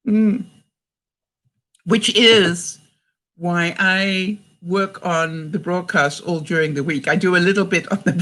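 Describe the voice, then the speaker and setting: A woman's voice: sits low, fairly bright tone. An older, retired woman from Canada chatting to her viewers, telling stories and reading sayings, often breaking into laughter. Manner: chatty storyteller who laughs often between sentences; reads out sayings and quotes. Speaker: vlogger. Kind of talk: casual chat to viewers.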